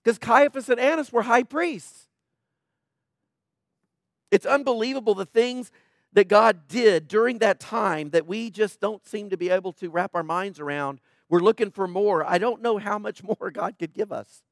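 A middle-aged man delivers a sermon in a high voice, emphatic and conversational. He keeps asking his listeners questions. The recording is dry and close. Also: normal speed, gravelly, no room sound. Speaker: preacher.

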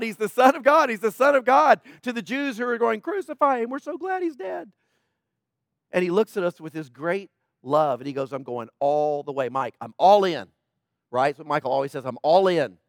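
A middle-aged man delivers a sermon in a high voice, emphatic and conversational. He keeps asking his listeners questions. The recording is dry and close. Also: no room sound. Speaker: preacher.

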